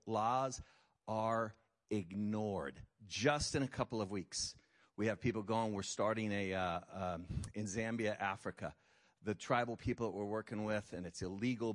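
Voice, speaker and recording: A man preaching a sermon to his congregation. He swings between quiet, serious asides and loud, high, mocking voices for effect. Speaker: pastor.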